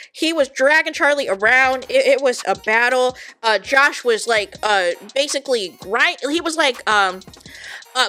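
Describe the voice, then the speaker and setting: A woman's voice: high voice, bright, forceful tone. A woman hosting a reality TV reaction show, talking casually and animatedly to viewers she calls "y'all", repeating words for emphasis. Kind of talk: casual commentary.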